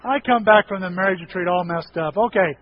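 A pastor preaching a sermon, moving from quiet, conversational talk to impassioned shouting and acting out prayers. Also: male voice, sits high, brisk. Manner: acts out prayers and dialogue. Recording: dull lo-fi with faint noise.

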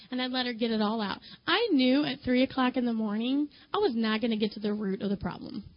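A woman's voice: sits high, a little fast, few pauses, lo-fi sound. A woman who is a mother speaks to a women's group in a chatty, conversational sermon, addressing her listeners directly and filling her talk with "you know".

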